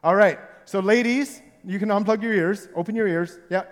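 A male pastor with a notably high voice preaches to a live congregation, his words ringing through a long hall reverb. He tells stories with a playful, joking manner and gets the room to join in. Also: moderate pace. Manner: playful, jokey storytelling. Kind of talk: sermon with audience participation.

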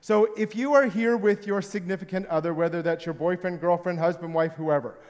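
A male pastor with a notably high voice preaches to a live congregation, his words ringing through a long hall reverb. He tells stories with a playful, joking manner and gets the room to join in. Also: fairly quick, a little mellow. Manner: playful, jokey storytelling. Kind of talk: sermon with audience participation.

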